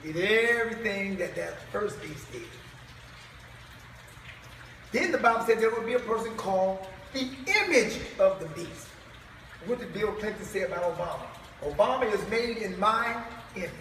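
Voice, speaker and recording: A man's voice: sits high, normal speed, vocal fry, pauses often, fairly bright tone, a little hiss or hum. Preacher guy hammering questions at his crowd, long hall reverb, mic way back. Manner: emphatic, calls out rhetorical questions to the crowd. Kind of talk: preaching to a live congregation. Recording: echoey hall, far from mic.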